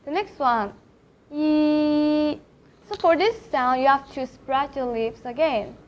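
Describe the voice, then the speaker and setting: A woman's voice: high-pitched, expressive, moderate pace. A woman with a Thai accent teaching Chinese pronunciation, carefully demonstrating vowel sounds one by one. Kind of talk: pronunciation lesson. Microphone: camera facing the speaker. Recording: slightly dull lo-fi sound.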